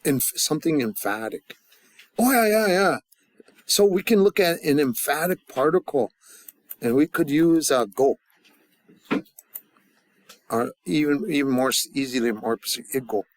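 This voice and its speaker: A man teaching a casual grammar lesson, talking in halting starts and restarts with fillers and joking asides. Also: mid-range voice, lively intonation, no room sound. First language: English. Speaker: language teacher.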